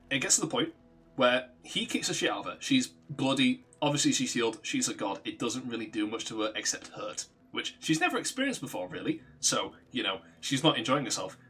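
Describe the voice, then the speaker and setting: A man casually recounting a tabletop game session, animated, swearing freely and laughing often. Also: mid-range voice, slightly rough. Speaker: streamer recounting a tabletop campaign. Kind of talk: casual storytelling.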